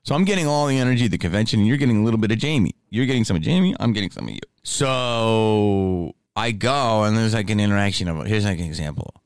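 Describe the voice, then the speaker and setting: A middle-aged man hosting a podcast, telling rambling, animated stories in casual chat. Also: lowish voice, fast talker, clean tone, no room sound, studio quality. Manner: rambling, animated, lots of fillers. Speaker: podcast host.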